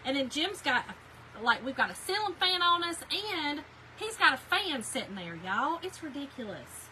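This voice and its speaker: A woman's voice: high-pitched, big pitch swings, moderate pace, pushed and bright, a little hiss or hum, rough recording. A middle-aged woman, chatting casually with viewers on a live craft stream and answering their comments. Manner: chatty, talks straight to viewers, reads out chat comments. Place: home craft room.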